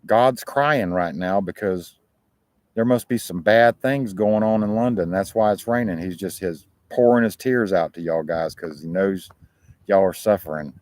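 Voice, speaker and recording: A man's voice: low voice, moderate pace, darkish tone, no room sound. A man with an American accent, hosting a talk show and chatting casually to his viewers in a rambling, profane way. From United States.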